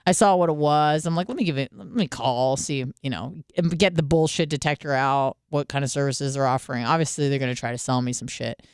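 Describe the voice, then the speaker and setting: Candid young woman radio host, crisp and dry. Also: rumbling low, brisk, hardly any pauses, dry recording. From Michigan. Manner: candid, swearing, lively storytelling. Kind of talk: casual solo radio monologue.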